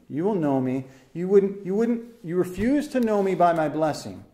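A man preaching an expository sermon in a voice pitched a little above the usual for men. He is earnest and emphatic, repeating key phrases for stress and putting questions straight to his listeners. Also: sing-song, normal speed, few pauses, dark tone. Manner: asks the listeners questions directly. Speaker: pastor.

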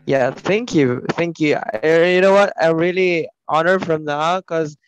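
A man from the Philippines, an English teacher talking excitedly and haltingly, often restarting his sentences. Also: fairly high pitch, clean tone, dry recording, rough recording. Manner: excited, halting, many restarts and self-corrections. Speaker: English teacher and linguistics postgraduate. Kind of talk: casual online class chat.

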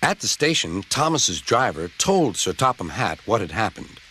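Brief: a man reading a children's train story with a gentle, measured delivery and lively pitch. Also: a little hiss or hum. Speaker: narrator.

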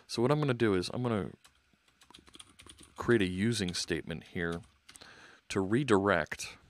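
A man's voice: deep voice, a bit bright. A man hosting a live coding stream, thinking aloud as he works and chatting with viewers. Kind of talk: casual live coding narration.

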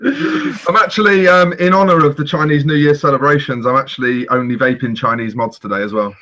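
Sweary laid-back bloke. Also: male voice, fairly high pitch, lively intonation, a little fast, sharp tone. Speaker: podcast host. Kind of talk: casual banter.

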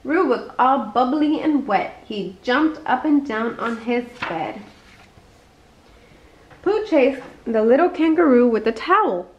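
A woman reading a bedtime story aloud in an expressive, unhurried way. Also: high voice, slight background noise. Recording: echoey muffled room.

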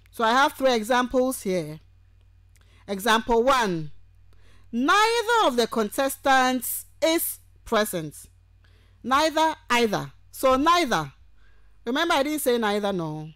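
A woman's voice: a little high, fairly bright tone, no room sound. A woman university lecturer giving a radio lecture on grammar, going through examples one word at a time. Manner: slow, deliberate, lists examples one by one. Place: radio studio.

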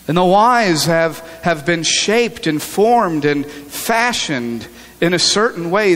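A man preaches to his congregation in an earnest, conversational manner, stumbling and restarting as he thinks aloud. His voice sits a little high for a man. A long church-hall reverb trails every phrase. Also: a bit bright. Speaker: pastor. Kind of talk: sermon. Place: church sanctuary.

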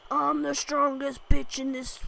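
A woman with a high voice gives let's-play commentary on a wrestling game. She is excitable, groaning and shouting at each move and swearing at her opponent. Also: a little slow, gravelly, slight background noise. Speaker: gaming channel host.

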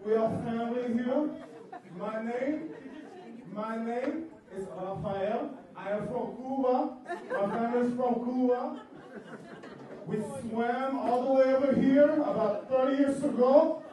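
A man's voice: very high voice, a little slow. A man playing a hammy Cuban game-show host. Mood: joking. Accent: put-on Cuban. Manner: hammy, shouting to the room, mixing in Spanish. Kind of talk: comic party hosting. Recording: echoey hall from far off, faint crowd.

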